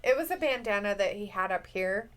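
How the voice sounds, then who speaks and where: A woman's voice: medium pitch, expressive, a little fast, a bit bright. A woman co-hosting a casual live reaction chat, laughing often and mimicking people in silly voices. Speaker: co-host reacting to a wrestling show.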